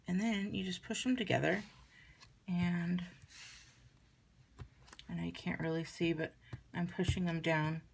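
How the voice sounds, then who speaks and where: A woman giving a chatty, relaxed card-making tutorial, talking her viewers through each step as she works. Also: on the low side, unhurried, vocal fry, pauses often, a little hiss or hum. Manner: chatty, relaxed, talks while working. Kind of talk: crafting tutorial demonstration.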